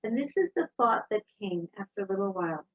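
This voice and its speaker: A woman giving an inspirational talk, telling personal stories in a lively storytelling manner. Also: mid-range voice, fast, highs cut off. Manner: storytelling, warm and animated. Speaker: speaker.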